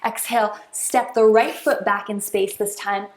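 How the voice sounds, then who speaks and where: Calm encouraging woman yoga teacher. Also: mid-range voice, unhurried. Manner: calm, encouraging cues timed to the breath; soft hums between cues. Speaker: yoga instructor. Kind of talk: guided yoga class instruction.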